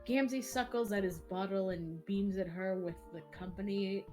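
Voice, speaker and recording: A woman's voice: mid-range voice, moderate pace, dark tone, faint music behind. A woman reading a webcomic aloud on a stream, giggling and stumbling over words. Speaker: reader taking over narration on a stream. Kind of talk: reading aloud and casual chat.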